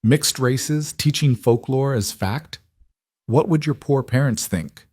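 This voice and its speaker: A man voicing a haughty, cruel young woman from a wealthy family, speaking with a sharp Boston accent. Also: medium pitch, takes it slowly, husky, no echo, studio quality, voice pushed up. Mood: scornful. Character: cold mocking rich young woman cousin.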